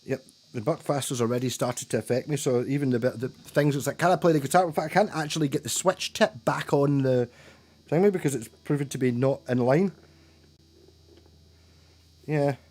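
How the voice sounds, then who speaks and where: This Scottish-accented man is a musician on a livestream, rambling casually with viewers while swearing and chuckling. He speaks fairly quickly at a medium pitch, with a slightly mellow tone.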